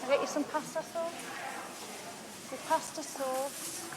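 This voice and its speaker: An actress playing a brisk, motherly food bank volunteer. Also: high-pitched, steady tone, heavy background noise. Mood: friendly. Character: kindly middle-aged female food bank volunteer.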